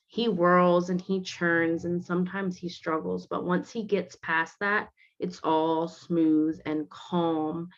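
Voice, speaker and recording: A woman teacher reading a picture book aloud to children, stopping gently to explain the pictures. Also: on the low side. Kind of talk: read-aloud with commentary for children. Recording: dull lo-fi recording.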